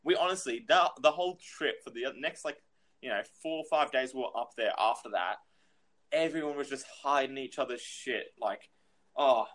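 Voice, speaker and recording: A man's voice: medium pitch, normal speed, a bit bright. A man telling a rambling story in casual chat, swearing freely and filling with "you know".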